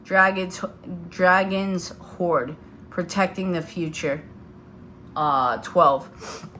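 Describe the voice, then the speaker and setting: Woman, 30s, lowish pitch, chatty tarot reader talking to viewers over faint background noise. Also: drawn-out words, pushed and bright. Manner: chatty, loose, many fillers. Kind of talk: casual tarot reading to viewers.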